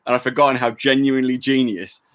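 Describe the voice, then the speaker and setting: A man's voice: medium pitch, fairly even intonation, fast, fairly bright tone. Rambling easygoing man. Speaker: podcast co-host. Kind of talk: casual podcast chat.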